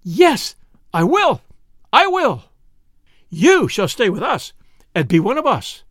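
A man voicing a spirited young woman who is excitable and in love, speaking in breathless, eager exclamations. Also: sits high, normal speed, no room sound, studio quality. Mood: excited.

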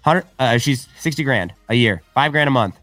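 A man with a bright, forceful voice talks animatedly on a podcast and slips into quoted dialogue as he tells stories. He says "right?" and "like" constantly. He is recorded dry and close, with faint music behind him. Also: mid-range voice, animated, moderate pace, dry recording. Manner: frequent filler "right?" and "like". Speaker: podcast guest. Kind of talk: casual podcast conversation.

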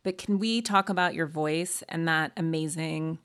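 A woman's voice: low voice, moderate pace, a bit bright, clean tone. A woman hosting an interview, asking earnest, curious questions. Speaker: host. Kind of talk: interview conversation.

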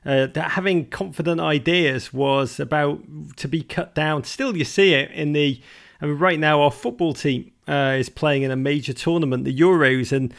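A man from Liverpool with a gravelly, fairly high voice tells his stories with dry, self-mocking humour. He talks like a guest unspooling anecdotes in a relaxed interview. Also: moderate pace. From Liverpool, England. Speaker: guest, author. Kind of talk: storytelling interview talk.

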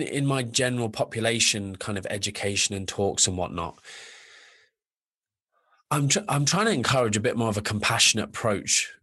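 Guy in his 30s chatting on a podcast, keeps restarting, pitch jumps up when he gets going. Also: breathy edge. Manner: animated, rambling with many restarts. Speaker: nutritionist guest. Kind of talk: casual podcast chat.

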